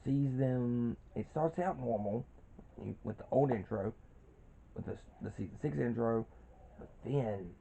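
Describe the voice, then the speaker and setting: A man's voice: mid-range voice, unhurried, gravelly, mellow, slight background noise. A man in his twenties giving a rambling, casual review of a cartoon, with frequent restarts and fillers, on a dull lo-fi recording.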